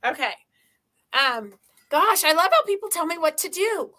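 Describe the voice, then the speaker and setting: A woman's voice: extremely high pitch, big pitch swings, moderate pace, bright, forceful tone. A woman hosting a live sewing stream, chatting casually and rambling with lots of ums as she shows fabric. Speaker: host of a live sewing show.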